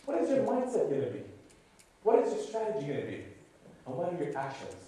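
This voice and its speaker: A man's voice: high-pitched, wildly swooping pitch, a little fast, dark tone, slight background noise. A man giving a motivational keynote, emphatic, repeating phrases and questioning the audience. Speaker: keynote speaker. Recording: echoey hall, voice picked up from a distance.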